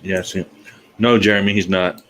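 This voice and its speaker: Easygoing low-voiced man hosting a chat. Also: steady tone, moderate pace, a bit bright, low-quality recording. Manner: easygoing, folksy, chatty. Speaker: livestream host. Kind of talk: casual live chat.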